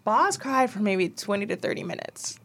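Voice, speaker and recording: A woman's voice: mid-range voice, big pitch swings, normal speed, fairly bright tone. Candid young woman in casual chat. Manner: candid, rambling, emotional about her kids. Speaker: podcast co-host.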